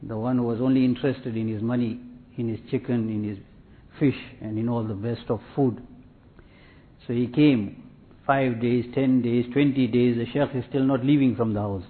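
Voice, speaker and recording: Guy preaching, slow repeating lines, sounds like its thru a phone. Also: medium pitch, steady tone, narrow, tinny audio. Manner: measured, repetitive teaching cadence with Arabic and Urdu religious terms. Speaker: Islamic preacher. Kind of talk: sermon.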